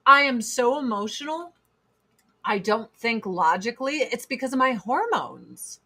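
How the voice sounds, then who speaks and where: A bright, high-pitched woman in her forties holds forth on a casual livestream. She talks bluntly and profanely, slipping into mocking impressions of other people mid-rant. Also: measured pace, husky. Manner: blunt, profane, animated rants with mocking put-on quotes. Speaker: livestream host.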